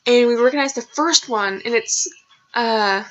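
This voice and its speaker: A young woman tells her own embarrassing stories in an unhurried, rambling way, with lots of "like" and "um" and casual swearing. Her voice sits a little high and comes at a slow pace. The recording sounds dull and lo-fi. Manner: rambling, filler-heavy, swearing. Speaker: vlogger. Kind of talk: casual storytelling.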